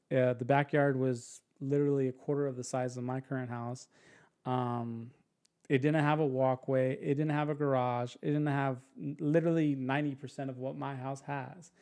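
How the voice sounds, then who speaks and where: A young man appearing as a podcast guest tells a story in easygoing chat, bringing energy, doing other people's voices, and restarting quickly. He has a mid-range voice.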